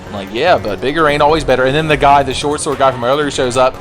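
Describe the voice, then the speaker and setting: A man's voice: medium pitch, fast, over music. A man giving crude, joking let's-play commentary while gaming, slipping into silly voices for game characters. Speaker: gameplay commentator.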